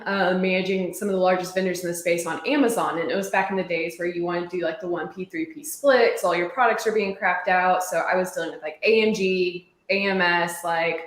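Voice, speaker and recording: A woman's voice: lowish voice, fairly even intonation, fairly quick. A woman from Arkansas on a panel, telling her story in an upbeat, candid way. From Arkansas, USA. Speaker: panel guest. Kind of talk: casual panel chat. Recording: roomy echoey sound.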